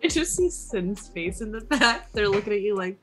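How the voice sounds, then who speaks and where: A woman's voice: mid-range voice, sing-song, normal speed, fairly bright tone, faint music behind. A woman chatting casually, teasing the others with brief remarks. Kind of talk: casual chat.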